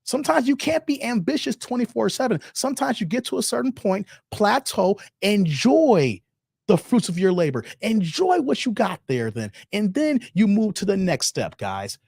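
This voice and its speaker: Slangy, lively man chatting on a live stream. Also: sits high, normal speed, gravelly, slightly rough, no room sound, studio quality. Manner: slangy, repeats "man" and "guys", talks straight to chat. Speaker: live-stream host reacting to videos and chat. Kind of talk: casual live-stream chat.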